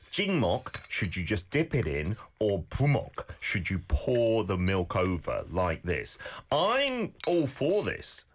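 Lively low-voiced man chatting over food. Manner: enthusiastic, chatty, eats while talking. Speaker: co-host. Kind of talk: casual food-tasting chat.

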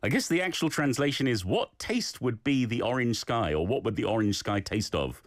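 A man of medium pitch teaches a daily Korean phrase in a casual language lesson, speaking at normal speed with big swings in pitch. He gives encouraging feedback on listeners' recordings, and the sound is clean studio audio with no echo.

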